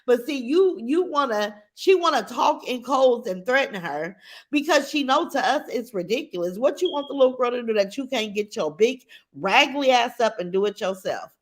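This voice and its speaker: A woman's voice: a little high, moderate pace. A middle-aged woman hosting a casual livestream, bluntly giving her opinions and reading comments from chat. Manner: blunt, opinionated, animated, addresses chat directly.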